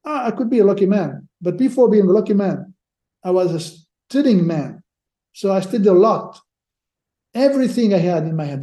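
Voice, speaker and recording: An animated sports lawyer, speaking as a podcast guest, answers interview questions haltingly and repeats words while groping for phrasing. His voice is high yet dark in tone. Roomy echo colors the recording.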